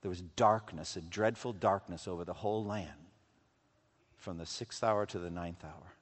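A man preaching a sermon, swinging from loud, intense passages to hushed, quiet lows. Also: moderate pace. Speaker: pastor. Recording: long hall reverb.

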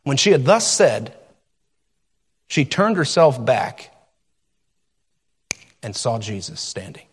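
A male pastor delivering a sermon, reading scripture and explaining it in an expressive, conversational teaching manner. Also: mid-range voice, slow pace, pauses often, in a large hall, slight background noise.

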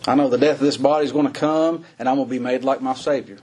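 Folksy male preacher with a husky voice and mid pitch, mid-sermon. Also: fairly even intonation, fast, darkish tone. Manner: folksy, laughs between points, rises high for emphasis.

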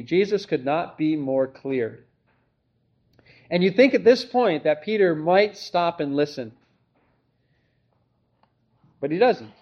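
A man delivers an expository sermon in a high, bright voice. He stays earnest and emphatic and often poses rhetorical questions to his listeners. The recording sounds a little dull and lo-fi. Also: lively intonation, takes it slowly, pauses often. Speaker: pastor.

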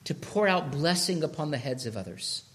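A man preaching a sermon as pastor, swinging from hushed lines to shouted ones and asking his listeners rhetorical questions. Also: on the high side, animated, normal speed.

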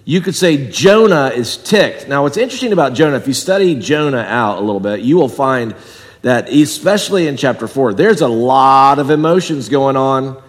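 A man preaching a sermon in a church, talking conversationally and swinging from loud and high to low and quiet. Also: expressive, normal speed, big-room sound. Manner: conversational with wide swings in pitch and volume. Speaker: pastor. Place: church sanctuary.

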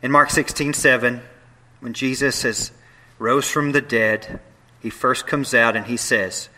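A man preaching a sermon, moving between hushed, quiet lines and loud, animated bursts, with playful asides to the congregation. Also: mid-range voice, unhurried. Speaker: pastor.

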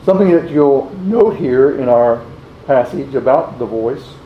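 A man preaching a sermon, slowly posing rhetorical questions and reading scripture aloud in old-fashioned wording. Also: mid-range voice, lively intonation, a little hiss or hum. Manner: slow, deliberate, repeats rhetorical questions. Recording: roomy, dull lo-fi recording.

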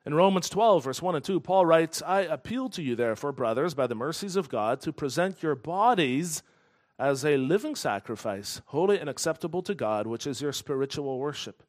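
A man preaching a sermon in an earnest, emphatic way, slowing down to stress key phrases. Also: a little high, expressive, a little mellow. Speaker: pastor.

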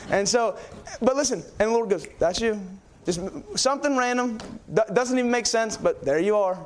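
A young man preaching a sermon in a church, telling stories in an excitable, rambling way with many fillers. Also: extremely high pitch, brisk, a little hiss or hum.

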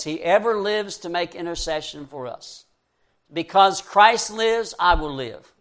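A man preaching a sermon, reading scripture verse by verse and rising to fervent emphasis. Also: a little high.

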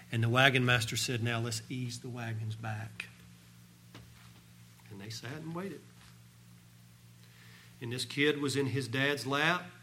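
Bright-voiced man preaching a sermon. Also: medium pitch, a little hiss or hum. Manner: storytelling, swells loud on scripture then drops quiet.

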